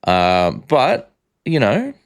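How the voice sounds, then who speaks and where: A man's voice: medium pitch, huge pitch swings, extremely slow, clear, resonant tone. A young Australian man hosting a casual music reaction chat, talking frankly and repeating phrases.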